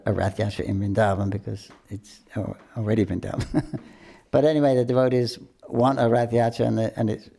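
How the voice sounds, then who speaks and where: Older man telling temple stories haltingly. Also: fairly low pitch, warm tone. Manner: halting, with many restarts, throat clearing and chuckles. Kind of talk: casual storytelling talk.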